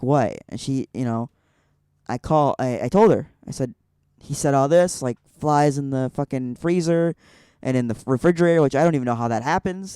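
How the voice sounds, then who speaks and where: A man's voice: medium pitch, warm tone, clean tone, dry recording, studio quality. A young man from Illinois telling a personal story on a podcast, rambling with lots of "like" fillers. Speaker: podcast guest. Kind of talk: casual storytelling.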